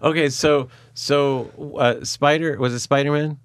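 A man hosting an audio interview, halting and repeating his words, and laughing often. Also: a little high, steady tone, clear, resonant tone, dry recording, studio quality. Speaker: host.

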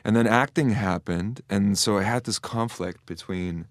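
A man's voice: on the low side, normal speed, no room sound, studio quality. A man who is an actor, talking as an interview guest in an earnest, reflective way, thinking aloud and restarting sentences. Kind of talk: casual interview chat.

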